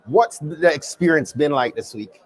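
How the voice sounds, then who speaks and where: A man's voice: fairly high pitch, expressive, normal speed. A man with a Jamaican accent, hosting a live interview at a conference booth in an upbeat, welcoming way. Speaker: livestream host.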